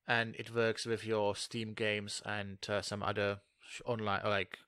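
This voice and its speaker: A man co-hosting a podcast, thinking aloud about tech in a halting way with many fillers. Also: lowish voice, little pitch movement, fairly bright tone, smooth, no echo, studio quality. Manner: halting, lots of uh and restarts. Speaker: podcast co-host. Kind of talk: casual tech chat.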